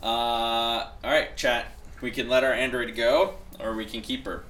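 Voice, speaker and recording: A man hosting a game stream, chatting casually and reading out viewer comments, quick to laugh. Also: mid-range voice, roomy sound, recorded from a distance, slight background noise. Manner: animated, laughs often, bursts into loud shouts. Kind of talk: casual chat while playing a game.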